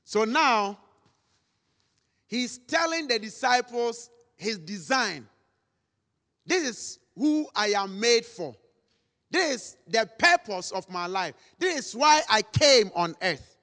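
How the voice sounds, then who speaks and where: A man preaching a sermon, dramatic and acting out quotes, sometimes rising to shouts. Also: high-pitched, sing-song, takes it slowly. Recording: long hall reverb.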